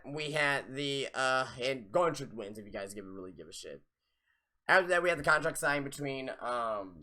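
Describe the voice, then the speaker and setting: A young man hosting a live wrestling review, ranting in a profane, exasperated way with sudden loud outbursts. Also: mid-range voice. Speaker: podcast host reviewing wrestling.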